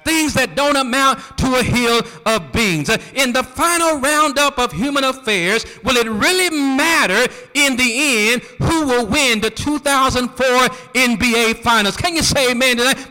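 Preacher, male, very high bright voice, rhythmic call-and-response delivery, church with long reverb. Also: moderate pace, hardly any pauses. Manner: rhythmic, rising to shouts, quizzing the congregation. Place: church sanctuary.

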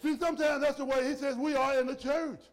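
A male preacher giving an emphatic sermon, swinging between shouted points and soft, low asides. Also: level tone, fast talker. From rural area. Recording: long hall reverb.

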